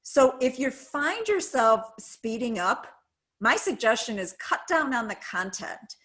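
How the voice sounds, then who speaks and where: A woman's voice: on the high side, sing-song, a little slow, fairly bright tone. A woman giving earnest, emphatic advice on public speaking during a video call webinar.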